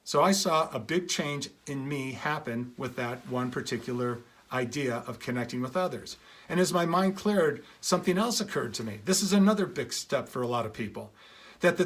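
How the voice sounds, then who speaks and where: Middle-aged male speaker, earnest motivational storyteller, slightly high voice, acts out dialogue. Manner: earnest, shifts pitch to act out quoted dialogue.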